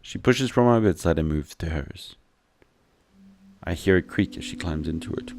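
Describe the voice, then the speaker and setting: A man's voice: low-pitched, expressive, moderate pace, pauses often, music in the background. A man reading a visual novel aloud as a gameplay commentator, adding wry, joking asides.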